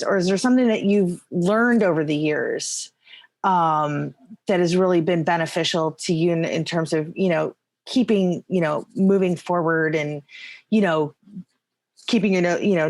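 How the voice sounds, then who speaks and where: Low-voiced woman podcast host, dry sound. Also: a little mellow, dry recording. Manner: hesitant, many fillers, rising questions. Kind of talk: casual interview chat.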